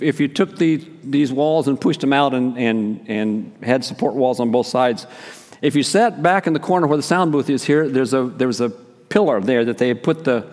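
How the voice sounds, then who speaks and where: A pastor telling a personal story in a sermon, acting out each quoted exchange. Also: male voice, on the high side. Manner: animated storyteller, acts out quoted dialogue. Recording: long reverb of a large hall.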